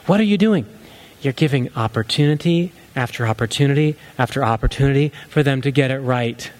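A man preaching a sermon as a pastor, earnest, rising to emphatic lines and then dropping low and soft. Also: a little fast.

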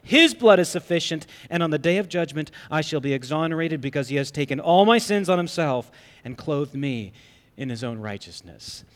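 A man's voice: mid-range voice, expressive, slow, pauses often, fairly bright tone. A man voicing a sixteenth-century male reformer who firmly answers his accuser. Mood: defiant. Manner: humble, then firm and defiant. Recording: long hall reverb.

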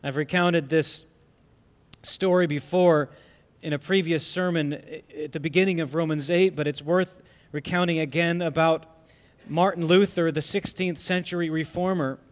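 A male pastor preaching a sermon with emphatic rhetorical questions, swinging between loud and soft. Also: high-pitched. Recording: long hall reverb.

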